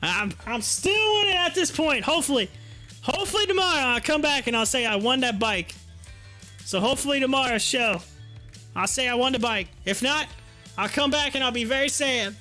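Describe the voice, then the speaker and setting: A man talks into a desk mic on his live stream, rattling off trade after trade like a playful hype man. His voice sits very high and rings bright and forceful. A soft bed of music runs underneath. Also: lively intonation. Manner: rapid-fire reading of numbers, playful hype. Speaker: live stream stock market host. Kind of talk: casual live stream commentary. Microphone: desk microphone.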